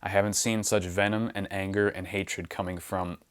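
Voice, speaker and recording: A man with a very low voice talks alone in an insistent, impassioned monologue. He pushes his points hard and often repeats words to drive them home. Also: little pitch movement, moderate pace, smooth. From United States. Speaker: channel host. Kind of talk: unscripted monologue.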